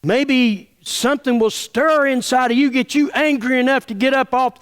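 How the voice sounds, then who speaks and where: Male pastor, high voice, fiery and folksy, stammers, middle-aged. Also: normal speed, smooth. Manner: stammering restarts, folksy, angry. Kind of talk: fiery sermon.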